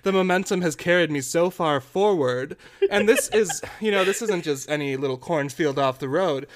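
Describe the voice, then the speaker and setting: A young man, a podcast co-host, telling a story in a casual, animated, dramatic way that keeps breaking into laughter. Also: a little high, normal speed.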